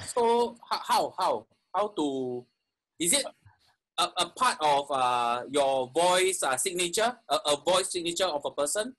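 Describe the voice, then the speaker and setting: A man's voice: fairly high pitch, animated, measured pace, a bit bright, low-quality recording. A man chatting on a talk show, stumbling and hesitant with many fillers, cracking jokes. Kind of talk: casual talk show chat.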